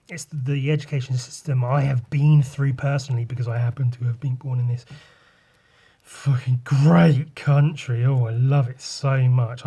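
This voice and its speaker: A man's voice: medium pitch, warm tone, slightly rough. A young English man hosting a solo podcast, ranting sarcastically with lots of swearing while he draws. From England. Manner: talks while drawing. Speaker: podcast host, artist.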